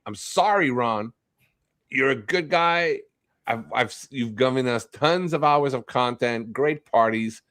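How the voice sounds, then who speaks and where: A man's voice: fairly high pitch, lively intonation, normal speed, no room sound. A man ranting and trash-talking in a crude, profane casual stream chat. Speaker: stream guest. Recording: dry close mic.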